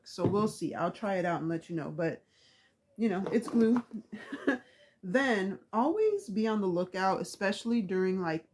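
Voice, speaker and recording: A woman vlogger chatting casually about craft supplies, rambling with lots of fillers, with the hiccups. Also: on the low side.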